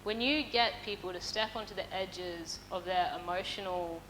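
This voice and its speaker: A young adult Australian woman giving a motivational keynote, telling a personal story in a lively, candid way with casual swearing. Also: lowish voice, moderate pace, a little hiss or hum, low-quality recording. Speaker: motivational speaker. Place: festival stage.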